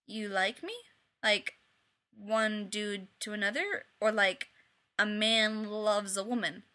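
A woman's voice: medium pitch, slow, pushed and bright. A woman voicing an easygoing teenage jock boy who pleads and coaxes in a casual way. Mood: wheedling.

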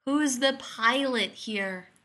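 A woman voicing a laid-back male pilot who talks in a slow drawl. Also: on the high side, sharp tone. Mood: firm.

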